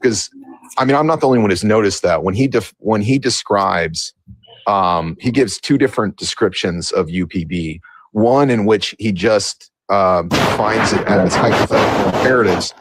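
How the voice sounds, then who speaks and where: A man in a casual philosophical debate, talking in an assertive, lecturing way and quick to correct others. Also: lowish voice, slightly rough, dry recording. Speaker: debate panelist.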